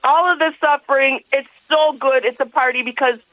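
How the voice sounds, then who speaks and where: A woman's voice: high-pitched, steady tone, brisk, a bit bright, dry recording. An older woman calling in to a radio show, talking effusively and rambling with laughs. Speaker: caller. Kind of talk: phone-in call. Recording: muffled phone line.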